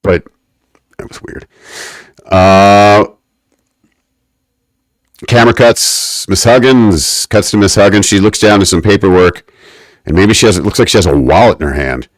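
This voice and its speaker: A man's voice: lowish voice, a little slow, long pauses, no room sound. A man co-hosting a podcast, recapping an episode in a wry, mock-academic way. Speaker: podcast co-host. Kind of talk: casual podcast recap chat.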